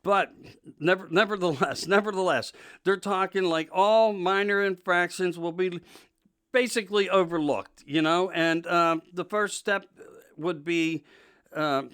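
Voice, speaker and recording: A man's voice: high voice, steady tone, measured pace, a bit bright, clean tone. A male host giving an emphatic, indignant political monologue, repeating himself for emphasis. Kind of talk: political talk show monologue.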